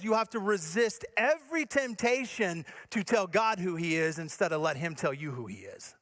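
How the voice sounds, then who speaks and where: A man from Michigan preaching to his congregation in a high, bright-edged voice. He drives his points with earnest emphasis, then drops to a soft, low, near-intimate tone to let a line land. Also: expressive, normal speed, few pauses. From Michigan, USA. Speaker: pastor. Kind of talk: sermon.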